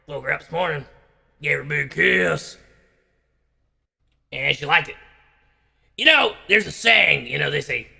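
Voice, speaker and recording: A man doing a gravelly blustering conspiracy-rant host. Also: on the high side, exaggerated voice. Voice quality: gravelly, raspy. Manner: blustering, bursts into shouting, halting filler-heavy rant. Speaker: comedian doing a parody rant. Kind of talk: comedic impression rant.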